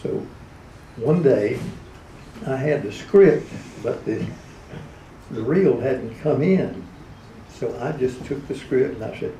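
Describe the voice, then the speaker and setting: A man's voice: medium pitch, lively intonation, unhurried, gravelly, dark tone, a little hiss or hum. A man telling folksy, chuckling stories at a live event and slipping into character voices now and then. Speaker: radio personality telling stories. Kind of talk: anecdotal storytelling at a live event. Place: event hall. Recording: echoey room, recorded from far off.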